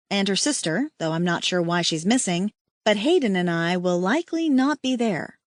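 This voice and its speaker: A woman narrating a first-person romance audiobook in an expressive, lively way, on a close mic. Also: mid-range voice, no echo.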